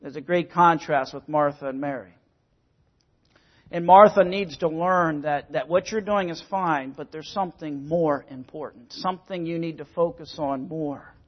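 A man's voice: a little high, normal speed, highs cut off. A man preaching a sermon, earnest and emphatic, sometimes repeating words as he explains scripture. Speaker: pastor.

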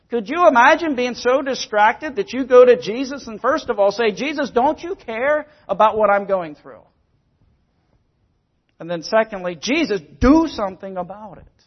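A man's voice: high voice, dull audio. A man preaching a sermon, earnest and emphatic, sometimes repeating words as he explains scripture. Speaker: pastor.

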